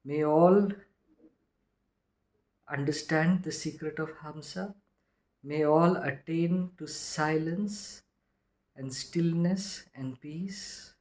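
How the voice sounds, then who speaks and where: Slow, reverent male reader. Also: fairly high pitch, darkish tone. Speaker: reader of a spiritual text. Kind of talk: reading a spiritual commentary aloud.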